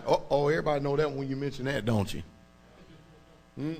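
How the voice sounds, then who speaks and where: A man's voice: medium pitch, a little fast, darkish tone. A man, a pastor, preaching a sermon in an emphatic, colloquial way and checking in often with his congregation. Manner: colloquial, informal speech.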